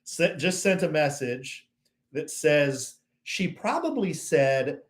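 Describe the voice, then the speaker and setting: Man, co-host, casual live-stream chat, animated storyteller, lively swooping voice, echoey room. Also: on the high side, takes it slowly. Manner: animated storyteller, acts out other people's lines.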